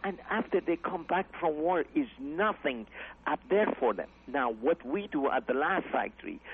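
A man's voice: a little high, breathy edge. A comedy club owner, a man, chatting earnestly on a radio interview in rambling English with broken grammar. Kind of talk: casual radio interview chat. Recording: tinny phone-like radio audio.

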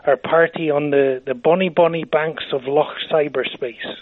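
A man's voice: a little high, steady tone, moderate pace, a little hiss or hum. A man who heads a charity society, a guest on a radio show, calling in by phone and telling witty stories that quote poetry. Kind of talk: phone-in radio interview, storytelling. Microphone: phone line. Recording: tinny phone line, dry.

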